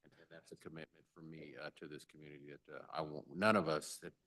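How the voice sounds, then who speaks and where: A man serving as mayor, chairing a public budget meeting, halting and with jokey banter. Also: a bass voice, steady tone, pushed and bright. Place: government meeting chamber.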